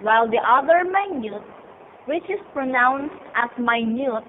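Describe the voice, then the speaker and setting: A woman student presenter slowly reading out a lesson in a careful, halting way. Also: high-pitched, animated. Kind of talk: slow read-aloud lesson. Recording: tinny phone-like sound, faint noise.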